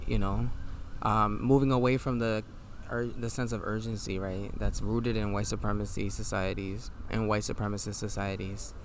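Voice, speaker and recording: Man, nasal, tired, lowish voice, laid-back casual podcast talk, slight background hum. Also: little pitch movement, moderate pace. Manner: low, laid-back delivery with mild swearing. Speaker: podcast host. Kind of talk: casual reflective monologue, reading affirmations aloud.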